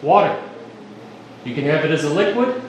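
A man's voice: a little high, lively intonation, normal speed, slight background noise. A man preaching a sermon as pastor, folksy and emphatic, joking with the congregation. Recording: echoey room, mic at a distance.

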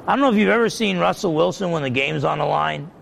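A man's voice: fairly high pitch, expressive, fast talker, creaky, fairly bright tone, a little hiss or hum, low-quality recording. A man preaching as a pastor, making his points emphatically and repeating them, his voice climbing when he gets stirred up. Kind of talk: sermon.

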